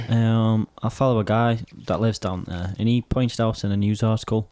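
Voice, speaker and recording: A man's voice: on the low side, steady tone, moderate pace, a little mellow, a little hiss or hum. A young man hosting a podcast, chatting casually in a rambling, sweary way with frequent restarts. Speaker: podcast host. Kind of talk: casual chat.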